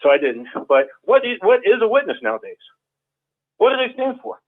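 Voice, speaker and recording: Man, earnest, stammering, slightly high voice, tinny phone-like sound. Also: big pitch swings, fairly quick. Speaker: ex-Jehovah's Witness panelist. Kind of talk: casual group chat.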